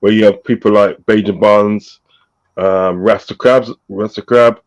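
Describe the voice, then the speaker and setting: A man's voice: on the low side, fairly even intonation, measured pace, rough recording. A man hosting a casual live-stream chat, reading out viewers' messages with frequent laughter. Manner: laughs often, reads out chat shout-outs. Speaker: host.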